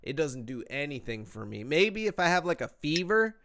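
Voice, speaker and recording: Profane animated man telling stories, smooth voice. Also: on the high side, normal speed. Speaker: podcast co-host. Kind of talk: casual chat.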